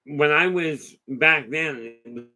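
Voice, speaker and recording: A man hosting a casual live talk tells a long story in a rambling, chatty way. His voice is bright and pitched a little high. He keeps restarting sentences and turning aside to answer viewer comments. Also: extremely slow. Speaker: host.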